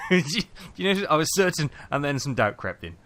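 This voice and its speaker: A man's voice: a little high, big pitch swings, normal speed, fairly bright tone. Man muttering through a game. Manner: chatty, muttering to himself as he thinks. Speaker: gaming video host. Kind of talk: casual let's-play commentary. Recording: game music playing underneath.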